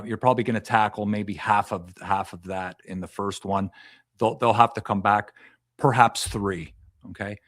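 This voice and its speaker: A man's voice: on the low side, a bit bright, no room sound, studio quality. A man who works as a past life regression hypnotist, answering as a podcast guest and explaining at length, often repeating and restarting phrases.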